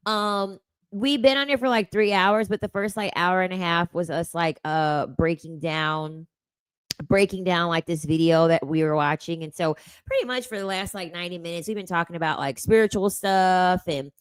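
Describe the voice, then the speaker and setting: A woman's voice: on the low side, moderate pace, clean tone. A young woman hosting a casual livestream, reading chat aloud and answering in a blunt, profane way, laughing often.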